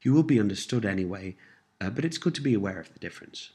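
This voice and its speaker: A man giving an audio language lesson, prompting phrases and explaining pronunciation in a deliberate instructional manner. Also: lowish voice, lively intonation, dark tone. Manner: slow, deliberate instructional delivery with repeated prompts. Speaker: language teacher.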